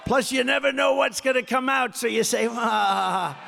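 Gravelly older man rallying a big hall. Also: extremely high pitch, steady tone, fairly quick, sharp tone, slight background noise. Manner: rambling, repetitive, boastful storytelling. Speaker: political candidate at a rally. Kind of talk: off-script campaign rally speech. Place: large indoor rally venue. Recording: long reverb from a large hall.

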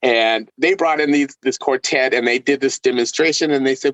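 A middle-aged man from Texas, a violinist guest, telling stories in a casual interview with laughs and animated delivery. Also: mid-range voice, moderate pace, no room sound, rough recording. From El Paso, Texas.

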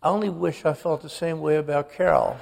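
A man's voice: fairly high pitch, fairly even intonation, a little fast, gravelly, darkish tone. A man putting on his aging father's voice, gushing with mock-sentimental love. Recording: long hall reverb.

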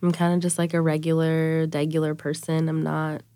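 A woman's voice: low voice, monotone, moderate pace, warm tone, clear, resonant tone, no echo, studio quality. A woman around thirty telling her own story in an interview, candid and casual, full of fillers. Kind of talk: personal interview.

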